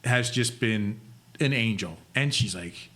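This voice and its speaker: A man, chatting as a podcast guest and telling animated stories. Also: fairly low pitch, measured pace. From Northeast Philadelphia. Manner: animated storyteller who jumps into loud character voices. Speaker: guest, food influencer. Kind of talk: casual podcast chat.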